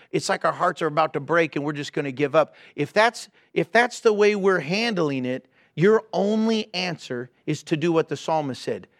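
A man's voice: sits high, a bit bright, no room sound, studio quality. A man preaching a sermon as pastor, earnest and exhorting, speaking straight to his congregation. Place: church.

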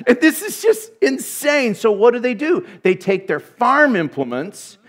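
A man with a notably high voice delivers a sermon. He retells the story in an animated, conversational way and slips in humorous asides. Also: moderate pace. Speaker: preacher.

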